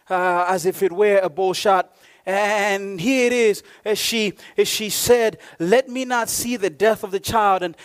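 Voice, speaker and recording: Give me a man with a very high voice preaching an emphatic, conversational sermon.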